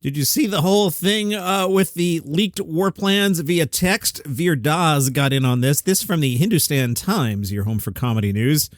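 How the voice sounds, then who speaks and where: A man's voice: on the high side, animated, unhurried, few pauses, no room sound, studio quality. A man hosting a comedy news show, recapping headlines in a casual, wry way with joking side comments. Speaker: comedy news podcast host.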